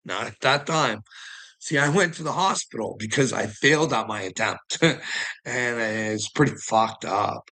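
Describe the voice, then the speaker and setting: A man's voice: mid-range voice, expressive, a little slow, bright, forceful tone, rough recording. A man ranting in a casual chat to a friend, agitated and heavy on profanity, laughing often between lines. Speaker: person telling his story.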